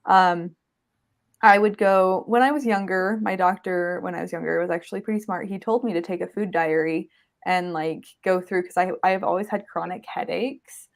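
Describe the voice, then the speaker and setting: A woman's voice: lowish voice, steady tone, normal speed, creaky. A woman hosting a casual live show, chatty and laughing often. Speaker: host.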